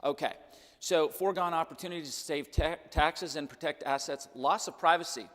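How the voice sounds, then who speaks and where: Brief: Midwestern man, slightly high voice, chatty seminar speaker, long hall reverb. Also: a little fast, fairly bright tone. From Kansas. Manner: chatty, keeps checking in with "okay?" and "right?". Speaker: financial planner speaking at church. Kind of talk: church seminar talk. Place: church hall.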